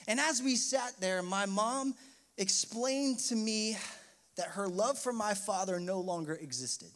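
High-voiced young man preaching a sermon. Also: a little slow, fairly bright tone. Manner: personal storytelling, rising to impassioned outbursts. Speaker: pastor.

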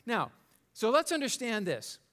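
A male pastor preaching a sermon in an animated, conversational way, joking and checking in with the congregation. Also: extremely high pitch, a little slow.

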